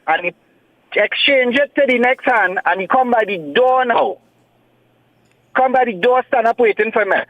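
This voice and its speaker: A man's voice: very high voice, normal speed, pauses often. A man with a Trinidadian accent calling in to a talk show, telling his side of a dispute in an agitated, defensive way over the phone. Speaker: caller. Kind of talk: phone-in call. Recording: tinny phone line.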